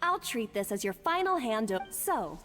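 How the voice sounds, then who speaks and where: A proud rival chef in a video game, haughty and sharp. Her high voice leaps widely in pitch. The game audio has a long reverb, with faint music behind. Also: very animated, normal speed. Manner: haughty, then rattled and disbelieving.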